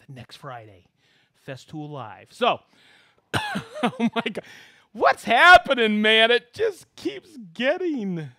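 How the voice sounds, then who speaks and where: Male live-stream host, excitable chatter, very animated high voice, dry close sound. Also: no room sound. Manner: excitable, whoops while reading out viewer locations. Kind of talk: casual live-stream chat.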